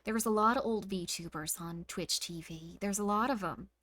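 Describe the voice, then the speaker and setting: A woman's voice: medium pitch, normal speed, fairly bright tone, no room sound. A woman streamer in playful, casual chat with her viewers, teasing and reading messages.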